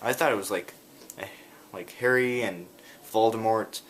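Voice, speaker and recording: A man with a low voice tells a rambling story in a casual vlog. He talks in quick bursts and trails off between them. A faint hum of noise runs under his voice. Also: fairly bright tone. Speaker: vlogger.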